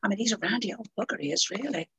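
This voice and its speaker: A woman's voice: medium pitch, very fast, creaky, fairly bright tone, slightly rough, no echo, poor audio. A woman, talking as an interview guest in a blunt, bawdy and theatrical way. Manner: blunt, bawdy and theatrical, acting out quoted voices. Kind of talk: casual interview chat.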